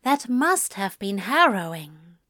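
A woman's voice: mid-range voice, big pitch swings, takes it slowly, bright, forceful tone, no room sound, clean studio sound, exaggerated voice. A woman reading the lines of a polite, fussy male host in a courteous, prim manner.

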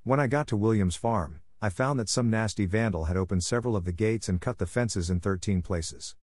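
A man reading the lines of an exasperated middle-aged estate manager who speaks briskly and practically. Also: lowish voice, a little mellow, no room sound, clean studio sound, natural voice. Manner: brisk and businesslike.

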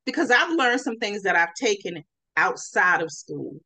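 A woman's voice: mid-range voice, moderate pace, no room sound, low-quality recording. A woman podcast host telling a story in a casual way, acting out what people said. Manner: animated, acts out quoted speech.

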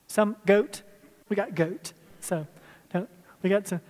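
A man's voice: high voice, slow, a little mellow. A male pastor teaching a sermon with slides, talking conversationally and asking the people in the room. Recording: long hall reverb.

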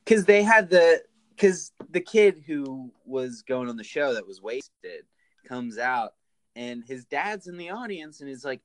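A young man co-hosting a podcast in casual chat, with joking, deadpan asides. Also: medium pitch, measured pace, no echo. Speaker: podcast co-host.

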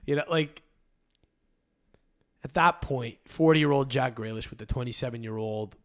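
A man's voice: medium pitch, normal speed. A young man hosting a podcast, ranting comedically with lots of swearing and laughter. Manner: profane, laughing, rambling. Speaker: podcast host. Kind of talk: casual comedic rant.

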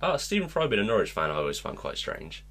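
A man co-hosting a casual podcast chat, making joking deadpan asides. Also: lowish voice, fast talker. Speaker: podcast co-host.

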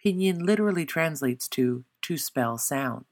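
A narrator reading a scripted pronunciation tutorial in a measured way, slowing down to demonstrate each sound. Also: mid-range voice, expressive. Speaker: language tutor.

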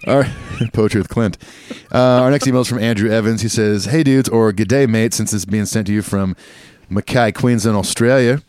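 A man's voice: fairly low pitch, a little fast, a little mellow, dry recording. A man co-hosting a podcast, reading listener emails aloud with joking asides. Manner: reads emails aloud with joking asides and a put-on Australian accent. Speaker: podcast co-host.

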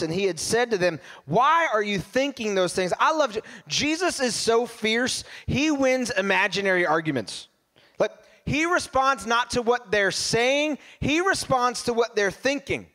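Male pastor with a higher voice, preaching in a laid-back conversational way. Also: lively intonation, moderate pace, a bit bright. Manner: casual, conversational preaching with repeated restarts. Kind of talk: sermon.

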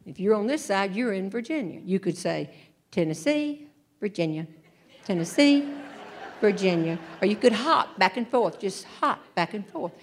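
A woman's voice: medium pitch, moderate pace, few pauses, a little hiss or hum. A woman telling comic stories on a theater stage, acting out the voices. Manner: animated, acts out voices, laughs along. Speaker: humorist and storyteller. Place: theater stage before a live audience.

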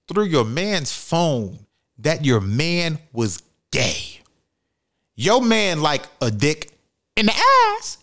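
A young man rants through a solo podcast monologue. His speech is blunt and full of swearing. His pitch jumps up and down with animated feeling. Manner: blunt, profane, heated commentary. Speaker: podcast host.

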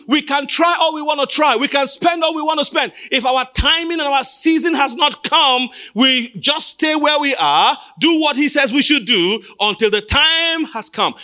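High, bright-voiced preaching man. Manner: preaching with rising shouts and sing-song cadence. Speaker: pastor. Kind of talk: sermon. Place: church stage.

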